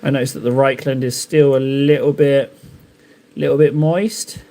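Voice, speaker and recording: A man's voice: mid-range voice, steady tone, moderate pace, warm tone. Chatty man painting on a live stream. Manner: rambling, jokey self-talk while painting. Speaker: livestream host painting miniatures. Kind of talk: casual live-stream chat.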